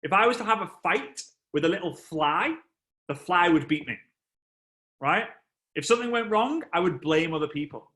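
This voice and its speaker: A man in his thirties, a motivational speaker who tells a personal story with animated, repetitive emphasis to a live online audience. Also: high voice, moderate pace. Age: 30s. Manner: animated, exclamatory, repeats phrases for effect.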